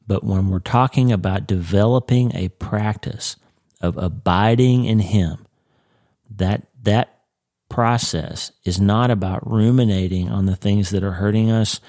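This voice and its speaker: Deep-voiced congested man teaching. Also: unhurried, darkish tone, no echo, studio quality. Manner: earnest, explanatory, with occasional restarts. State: congested, with jaw pain. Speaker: Christian teacher of a weekly series. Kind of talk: conversational faith teaching.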